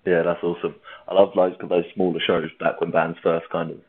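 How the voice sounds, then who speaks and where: A man's voice: sits low, level tone, fairly quick, breathy edge. A man from Britain hosting a casual music chat, an easygoing interviewer who chuckles often. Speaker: podcast host. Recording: tinny phone-like line.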